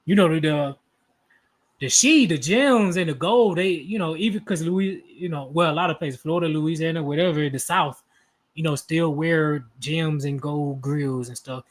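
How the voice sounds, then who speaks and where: A man in his thirties doing live energy readings on a stream, talking in a rambling, profane, casual way and counting his math out loud. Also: on the high side, moderate pace.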